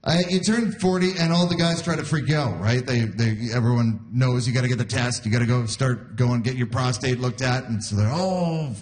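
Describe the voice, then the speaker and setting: A man's voice: medium pitch, normal speed, few pauses, darkish tone. A man in his forties performing a self-deprecating stand-up set live, acting out voices in quotes. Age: 40s. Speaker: stand-up comedian. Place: live comedy venue before an audience. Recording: live audience laughter behind.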